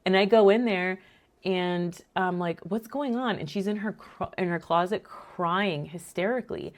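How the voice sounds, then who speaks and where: A woman from Rico, hosting and telling a faith-based family story in a lively, laughing way. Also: on the low side, moderate pace. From Puerto Rico. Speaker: podcast host.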